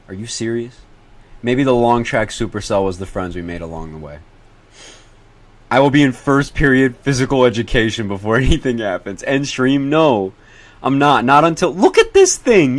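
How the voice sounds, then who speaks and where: A teenage boy hosting a casual livestream to his chat as he tracks storms. He swears, pleads and repeats himself over and over, breaking into excitable bursts when he spots something. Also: mid-range voice. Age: teens.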